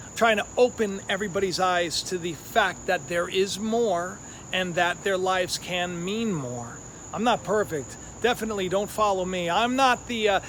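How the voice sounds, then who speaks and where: A man's voice: high-pitched, a bit bright, a little hiss or hum. A man who hosts his own channel, giving a casual, conversational sermon full of fillers and tag questions. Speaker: online preacher, channel host.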